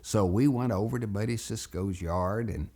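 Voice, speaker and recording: Animated, gravelly male storyteller. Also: fairly low pitch, moderate pace. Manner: animated, acts out voices. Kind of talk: children's storytelling lesson.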